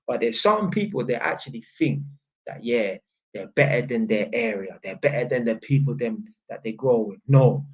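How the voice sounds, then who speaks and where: A man's voice: mid-range voice, animated, moderate pace. London guy ranting on his livestream, swears a lot, keeps saying innit, bit muffled audio. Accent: London, Multicultural London English. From North London, England. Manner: blunt, swearing, emphatic, repeats tag questions. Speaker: livestream host. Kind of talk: casual livestream monologue.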